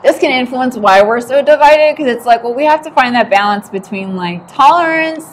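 A woman's voice: high voice, animated, normal speed, slight background noise, poor audio. An American woman in casual conversation, talking with many fillers and frequent laughs. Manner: chatty, filler-heavy, laughs often. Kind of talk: casual chat.

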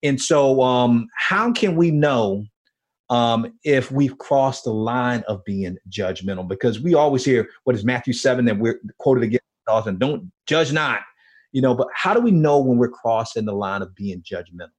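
A man hosts a faith podcast interview in a friendly, conversational voice. He sets up questions loosely and fills pauses with casual fillers as he goes. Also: mid-range voice, lively intonation, a little mellow. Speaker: podcast host.

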